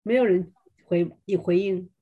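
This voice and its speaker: A woman interpreting a sermon live, phrase by phrase, sometimes hesitant and pausing with fillers. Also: fairly low pitch, breathy edge, phone-quality sound. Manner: hesitant, fills pauses with 'uh'.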